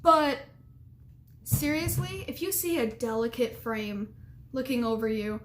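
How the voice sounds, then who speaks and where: A woman's voice: on the high side, a little slow, a little hiss or hum. A young adult woman giving casual advice to camera, chatty and rambling with lots of fillers and giggles.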